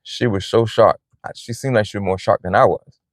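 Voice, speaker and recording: A man's voice: on the low side, fairly quick, dry recording, clean studio sound. A man vlogging from a big parking lot outdoors, talking in a rambling, earnest, casual way, often saying "man" and "you know.". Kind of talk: casual personal vlog talk.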